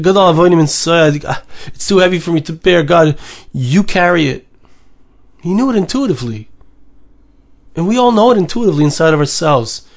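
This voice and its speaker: A man's voice: a little high, darkish tone. A man teaching a Torah lesson in an earnest way, repeating his phrases and mixing in Hebrew terms.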